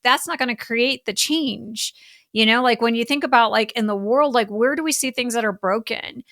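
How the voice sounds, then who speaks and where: Woman, middle-aged, podcast guest, animated casual chat, fairly high voice, dry close sound. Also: normal speed, dry recording. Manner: animated, heavy use of "like" fillers. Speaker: guest, business coach.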